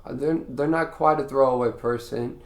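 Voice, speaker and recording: A man hosts his own podcast in a heated, preachy monologue, blunt and full of profanity. His voice has a gravelly edge. The room around him is echoey. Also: mid-range voice, fairly even intonation, moderate pace. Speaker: podcast host. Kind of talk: ranting monologue.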